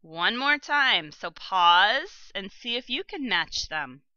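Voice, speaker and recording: A woman teaching a vocabulary lesson, pronouncing each word slowly and carefully and giving plain instructions to her students. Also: medium pitch, big pitch swings, bright, forceful tone, clear, resonant tone, no room sound, lo-fi sound. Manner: slow, careful pronunciation of vocabulary. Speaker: language teacher.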